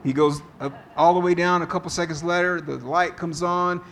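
A man preaching a sermon as pastor, slow and deliberate, telling a story to make his point. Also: a little high, fairly even intonation, fairly bright tone, slight background noise.

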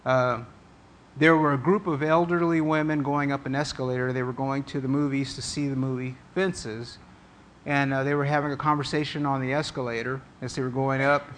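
A man's voice: medium pitch, flat delivery, brisk, a bit bright, a little hiss or hum. Earnest male pastor preaching. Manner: earnest, conversational preaching with frequent restarts. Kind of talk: sermon.

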